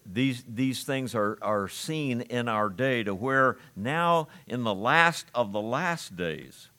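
A man's voice: mid-range voice, fairly bright tone. A middle-aged man preaching a sermon as pastor, reading scripture aloud in an earnest voice with emphatic rises.

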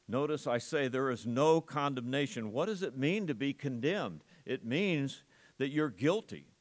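A man's voice: medium pitch, animated, measured pace. Emphatic male pastor preaching. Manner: emphatic, asks the congregation rhetorical questions. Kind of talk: sermon. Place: church service.

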